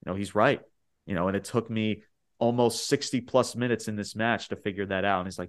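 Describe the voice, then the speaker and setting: A man co-hosting a casual wrestling podcast, talking in an animated, rambling way that rises sharply when he gets worked up. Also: fairly low pitch, brisk. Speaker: podcast co-host.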